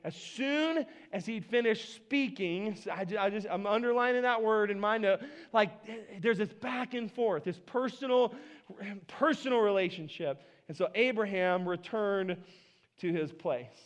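A man's voice: high voice, unhurried, smooth. A man preaching a sermon in a conversational way, acting out the scripture dialogue with playful asides. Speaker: pastor.

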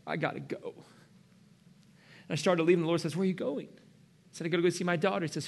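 Middle-aged male preacher, passionate sermon delivery with sudden hushed passages. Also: high-pitched, fast, gravelly, long pauses. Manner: impassioned, swings from loud to hushed whispers. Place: church.

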